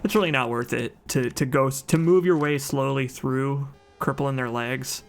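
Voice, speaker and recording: A man giving casual, chatty commentary over his own gameplay, excited at times and often stopping to correct himself with a joke. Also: medium pitch, moderate pace, gravelly, soft background music. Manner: chatty, enthusiastic, jokes and corrects himself mid-sentence. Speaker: let's play commentator.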